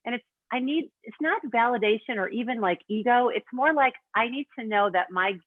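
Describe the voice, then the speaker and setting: A woman in her fifties talks casually as a cooking coach, animated as she retells family conversations. Her voice comes over a thin, phone-like video call line with no room sound at all. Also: a little high, a little fast, no echo. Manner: animated, acts out family dialogue. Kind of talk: casual interview chat. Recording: tinny phone-like line, dry.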